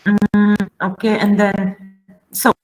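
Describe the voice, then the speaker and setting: A woman lecturing students on pronunciation rules. She talks slowly and pauses often, filling the gaps with hesitations. Her voice sits at an ordinary middle pitch. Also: monotone, a little mellow, faint music behind, low-quality recording. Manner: slow, halting, many fillers. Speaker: Latin teacher. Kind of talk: classroom lecture.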